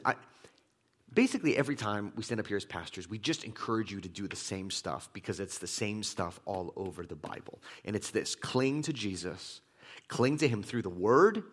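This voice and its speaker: A man pastor preaching a sermon in a conversational, animated way, acting out little asides from his listeners. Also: mid-range voice. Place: church hall.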